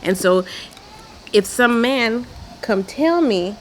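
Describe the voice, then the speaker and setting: A woman's voice: a little high, animated, normal speed, a bit bright, slight background noise, low-quality recording. A young woman doing a casual reality show recap, sassy and blunt, swearing freely while doing her makeup at home. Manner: sassy, blunt and outspoken, sprinkling in mild swearing. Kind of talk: casual commentary.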